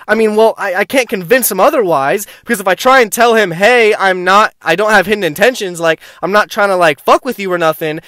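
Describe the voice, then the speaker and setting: Young male vlogger, higher-pitched, profane and rambling, dry close sound. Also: a bit bright, dry recording. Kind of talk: casual storytelling to camera.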